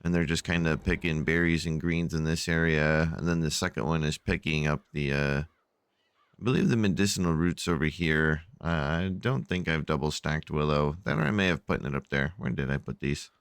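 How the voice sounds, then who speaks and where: Man, very deep voice, smooth and clear, dry close sound, sleepy rambling game commentary. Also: moderate pace, no echo. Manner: rambling and tired, frequent yawns and fillers. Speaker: gameplay channel host. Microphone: desk microphone.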